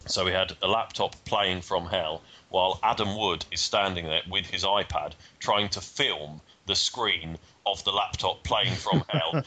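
A man's voice: deep voice, pushed and bright, slight background noise, rough recording. A man in casual podcast chat, telling a rambling, self-deprecating story. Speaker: guest speaker.

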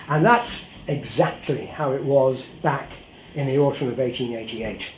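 A man's voice: mid-range voice, unhurried, slight background noise. An older man, a historian, giving a public lecture in a wry, conversational way with frequent ums and asides. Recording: roomy hall echo.

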